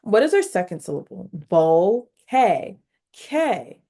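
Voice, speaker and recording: A woman leads a phonics lesson on video, taking her time and carefully sounding out each syllable. Her pitch sits in an ordinary middle range. She speaks straight to her learners and cheers them on. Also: big pitch swings, mellow. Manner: slow, instructive, sounding out syllables; encouraging, addresses learners directly. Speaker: teacher.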